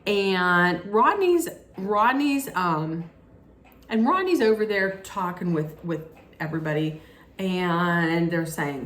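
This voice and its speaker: A woman's voice: lowish voice, a little slow. Chatty woman recapping in an echoey room. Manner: chatty, with frequent restarts and lively acted-out quotes. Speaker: reality TV recap vlogger. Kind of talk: casual recap chat. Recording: echoey room with faint background noise.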